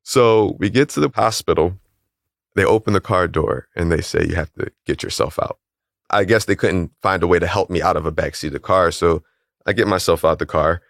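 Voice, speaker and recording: In a very low, creaky voice, a man who founded a calisthenics league shares a personal story during an interview, calm and measured throughout. He adopts the voices of those he quotes, and the sound is dry and close-miked, with no room echo.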